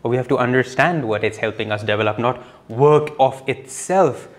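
A man, co-hosting a spiritual discussion podcast, explaining and telling stories in an animated way. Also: mid-range voice, moderate pace. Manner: animated storytelling with explanations and laughter. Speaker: podcast co-host.

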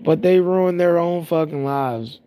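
A man's voice: on the high side, measured pace, mellow. A man in his thirties from Florida, telling rambling, profane stories about his past in a casual monologue, a bit stuffy-nosed. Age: 30s. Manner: profane, rambling, laughing at himself. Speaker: storyteller.

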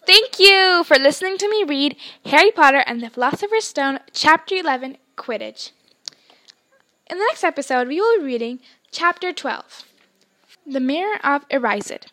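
A woman reading a novel aloud as a podcast host, in a plain, slightly halting manner with small slips. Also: sits high, lively intonation, sharp tone. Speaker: audiobook reader, podcast host.

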